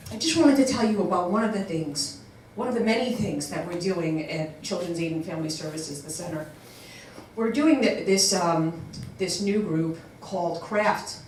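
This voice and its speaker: A program director gives a heartfelt speech from the front of a large room. Her voice sits at an average pitch, and she stumbles through restarts before pressing her points with conviction. The recording catches her from far off, soaked in hall echo. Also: darkish tone, slight background noise. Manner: earnest, halting with restarts, building to emphatic appeals. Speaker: program director at a family services agency. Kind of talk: heartfelt speech at a community event. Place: large echoey event hall. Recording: echoey hall voice picked up from far off.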